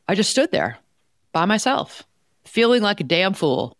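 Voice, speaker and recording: A woman's voice: medium pitch, big pitch swings, measured pace, no room sound, studio quality. A woman co-hosting an advice podcast as a life coach, talking in an emphatic, direct way and telling stories with animation.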